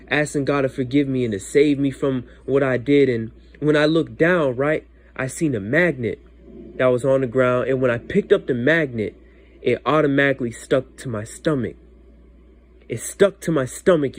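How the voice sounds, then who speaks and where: Man, casual vlogger storytelling, emphatic, keeps repeating lines and talking straight to the viewers, mid pitch. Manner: emphatic and repetitive, often addresses listeners directly. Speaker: vlogger telling a dream.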